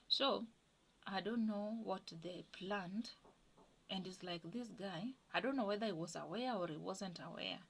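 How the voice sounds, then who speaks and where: A Kenyan woman in her thirties tells a personal story in an interview, her voice at an ordinary middle pitch for a woman. She talks in a lively way and slips into the voices of the people she quotes. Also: normal speed, vocal fry, poor audio.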